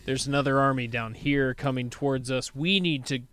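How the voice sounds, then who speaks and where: A man's voice: medium pitch, steady tone, fairly quick, fairly bright tone, clear, resonant tone. A man co-hosting a casual book club chat, thoughtful and musing. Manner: thoughtful, musing, many restarts.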